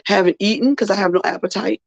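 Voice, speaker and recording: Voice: mid-range voice, fairly even intonation, fast talker, creaky, no echo. A podcast host, tired and earnest, speaking in a personal heartfelt monologue and repeating phrases for weight. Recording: dull, muffled dry recording.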